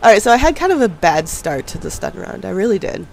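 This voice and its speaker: A young man with a stuffy nose from a cold narrates his own gameplay in a casual voice-over, chatty and self-deprecating and laughing often. His high, gravelly voice swings widely in pitch and moves fast, with faint background music and slight background noise.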